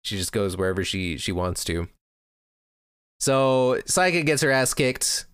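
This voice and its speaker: A man's voice: medium pitch, expressive, a little slow, a bit bright, smooth, dry recording, studio quality. A man chatting casually and recapping an anime show as a podcast host, laughing often.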